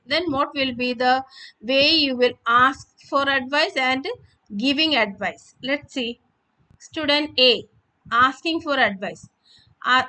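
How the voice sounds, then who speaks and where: Woman teacher, high bright voice, patient and explanatory. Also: rough recording. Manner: patient, repeats and rephrases, asks and answers her own questions. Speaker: English teacher. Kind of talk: explaining textbook exercises to students.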